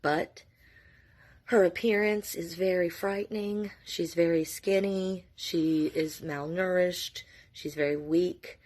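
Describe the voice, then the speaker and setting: A woman's voice: lowish voice, normal speed, darkish tone. A middle-aged woman, a mother telling her family's story to camera, earnest and candid with frequent swearing, holding back tears.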